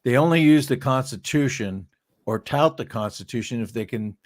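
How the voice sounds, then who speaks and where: A man's voice: mid-range voice, animated, moderate pace. A man, a political cartoonist, chatting casually and agreeing with his co-host in plain terms.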